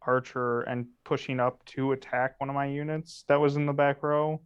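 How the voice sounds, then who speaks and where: A mid-pitched man explains his plays in a relaxed, matter-of-fact way. The sound is dry and close. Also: moderate pace, clean tone, no room sound, highs cut off. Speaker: game player. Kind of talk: post-game interview.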